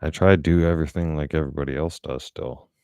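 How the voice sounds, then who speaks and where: A man's voice: extremely low pitch, fairly even intonation, fast, darkish tone, clean tone, no echo. A middle-aged man talking bluntly and profanely in a casual monologue. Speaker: vlogger.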